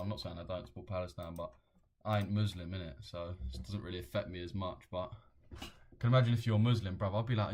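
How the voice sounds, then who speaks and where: A man's voice: fairly low pitch, slight background noise. A man chatting casually on a trading stream, slangy and full of swearing. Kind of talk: casual live-stream commentary.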